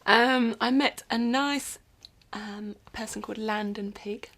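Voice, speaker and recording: A woman's voice: fairly high pitch, fairly even intonation, slow, a bit bright. A woman musician rambling casually in a video diary from her recording studio, often dropping into whispered asides.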